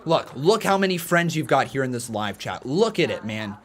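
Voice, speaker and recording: A man's voice: medium pitch, sing-song, normal speed, fairly bright tone. A man hosting a live watch-along stream in a casual, chatty way, greeting viewers by name and talking to them in an earnest, encouraging tone.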